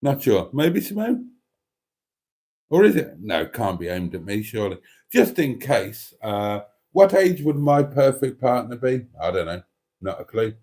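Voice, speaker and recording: A man's voice: medium pitch, big pitch swings, a little slow, dark tone. A middle-aged man hosting a live stream, chatting casually and rambling as he reads out viewer comments, a bit congested. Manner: rambling, self-interrupting and chatty.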